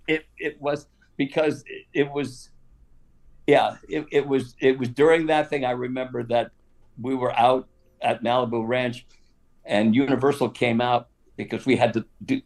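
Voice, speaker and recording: An older man telling a story casually on a live stream, animated, with laughs and asides. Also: mid-range voice, moderate pace. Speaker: guest actor telling stories.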